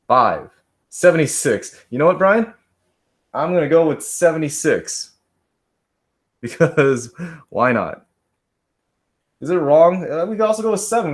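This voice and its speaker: Chatty male math teacher checking in. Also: fairly high pitch. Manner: casual, checks in often with "right?"; talks to students by name, self-deprecating asides. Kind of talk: live classroom lesson.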